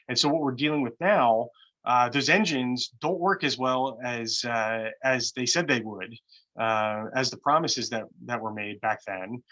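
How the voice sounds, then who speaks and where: Man, defense analyst, halting explanations, filler-heavy, bright tone, muffled recording. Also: medium pitch. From United States. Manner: halting, many fillers and restarts, earnest. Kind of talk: explanatory discussion.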